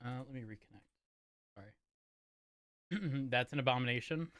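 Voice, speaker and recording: A man's voice: medium pitch, moderate pace, fairly bright tone, no echo, clean studio sound. A man chatting casually while streaming a game, rambling and correcting himself as he eats. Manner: rambling, self-correcting, talks while eating. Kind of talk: casual chat while gaming.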